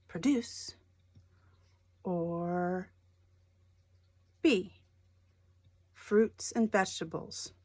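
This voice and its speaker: A woman teaching a recorded lesson, with a lively voice that swoops up to stress syllables. She speaks slowly and deliberately over a dry, close recording with no room sound. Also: medium pitch, dry recording.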